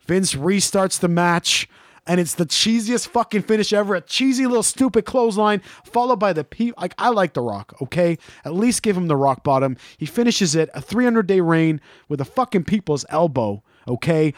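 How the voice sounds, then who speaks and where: A man in his thirties telling a story in casual chat, animated and profane, acting out chants and shouts. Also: sits high, normal speed, dry recording, studio quality.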